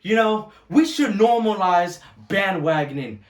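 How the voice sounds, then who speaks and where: A man in his early twenties, swearing constantly as he rants casually about sports loyalty and gets loud and heated. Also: sits high, lively intonation, unhurried, recorded from a distance. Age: 20s. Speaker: vlogger. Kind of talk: casual ranting monologue. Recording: echoey room, voice off-mic.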